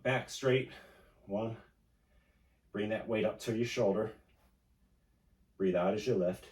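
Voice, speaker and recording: A man's voice: fairly low pitch, darkish tone. A man instructing a home strength workout, talking through each move while he exercises. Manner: coaching, talks while exercising. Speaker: fitness instructor. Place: indoor home room. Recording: echoey room, distant mic.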